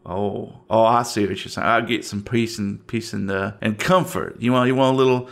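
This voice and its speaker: A man voicing a rough, mocking male hunting buddy with a put-on Southern drawl in a tabletop game. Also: on the low side, steady tone, normal speed, a bit bright. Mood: mock friendly. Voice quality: drawling, taunting, folksy.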